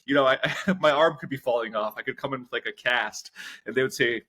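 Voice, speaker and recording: A man's voice: mid-range voice, brisk, pushed and bright, slightly rough. An American man hosting a casual interview, telling jokey anecdotes in an upbeat way. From United States. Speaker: host.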